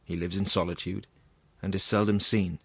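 A man narrating a classic story in a measured, grave reading. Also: low-pitched, flat delivery, slightly rough, no echo.

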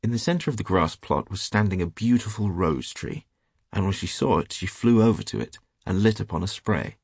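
A man narrating a fairy tale in a measured, gentle way, reading close to the mic. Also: fairly low pitch, animated, husky, no room sound. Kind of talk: storybook reading.

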